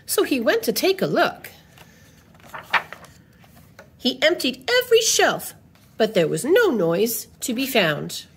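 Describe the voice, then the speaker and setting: A woman reading a children's picture book aloud in an expressive storytelling manner. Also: fairly high pitch, slow pace, long pauses, slight background noise.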